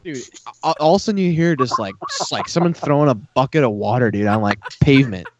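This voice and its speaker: A man's voice: medium pitch, expressive, quick pace, slight background noise. A young man telling a party story to his friends in a laid-back way, with lots of "dude" and "like". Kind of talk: casual storytelling among friends. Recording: dry, dull lo-fi sound.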